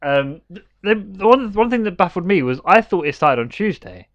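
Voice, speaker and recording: A man co-hosting a podcast in casual chat, talking haltingly with many restarts and agreeing often. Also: sits high, lively intonation, no room sound. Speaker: podcast co-host. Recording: dull lo-fi sound.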